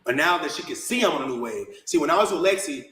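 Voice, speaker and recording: A man's voice: fairly high pitch, animated, fast talker, sharp tone, reverberant. A man venting in a heated rant to the camera, indignant and repetitive, calling his viewers bro. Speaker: vlogger.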